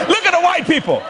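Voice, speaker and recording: A male stand-up comedian with a high, lively voice tells his story on stage and keeps acting out scenes. A roaring crowd and heavy noise fill this live recording. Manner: animated, laughing, acts out scenes.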